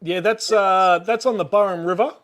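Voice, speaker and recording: A high-pitched Australian man yarns away about his travels, tripping over his words with plenty of ums and restarts. He laughs often as he tells it, chatting from a video call. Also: normal speed, fairly bright tone. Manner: rambling, laughs often, lots of fillers and restarts. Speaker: YouTuber guest. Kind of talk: casual storytelling chat.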